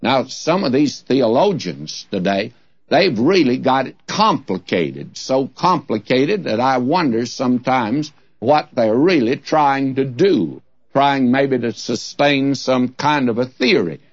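A man's voice: mid-range voice, expressive, takes it slowly. A man preaching a Bible-teaching sermon in a folksy, humorous storytelling manner. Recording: dull, dry lo-fi recording.

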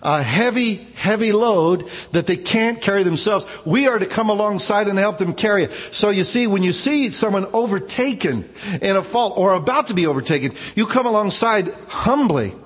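Male pastor, casual storytelling sermon, slightly high voice, long hall reverb. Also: expressive, normal speed, breathy edge. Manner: informal, personal storytelling, frequent "man" asides. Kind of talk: conversational sermon.

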